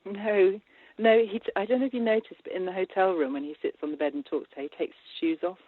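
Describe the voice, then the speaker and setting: A woman film director talking in an interview, animated and laughing, with many restarts. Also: medium pitch, fast talker. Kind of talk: interview conversation. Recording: tinny phone-line sound.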